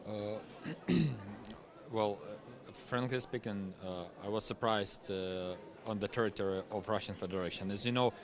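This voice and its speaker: A young Ukrainian man speaking English in a lowish voice. He gives interview testimony haltingly, with many pauses, fillers and restarts. English is not his first language. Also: steady tone. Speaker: veteran guest.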